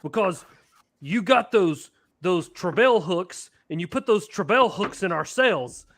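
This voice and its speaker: A man's voice: high-pitched, unhurried, no room sound. Laughing storyteller man, dry close sound. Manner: animated, laughing, acts out quotes. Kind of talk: casual storytelling.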